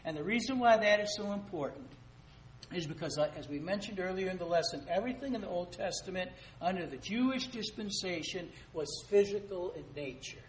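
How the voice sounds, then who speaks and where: A man preaching a sermon, emphatic and rising to loud rhetorical questions, addressing listeners as dear ones. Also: sits high, expressive, a little fast. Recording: echoey room, faint noise.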